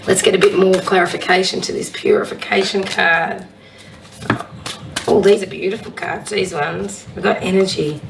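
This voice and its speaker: A woman with a husky voice, a psychic medium giving a casual oracle card reading and reading affirmations aloud. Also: medium pitch, fairly even intonation, moderate pace, far from the mic, noisy background. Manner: chatty, warm-hearted encouragement, reads affirmations aloud.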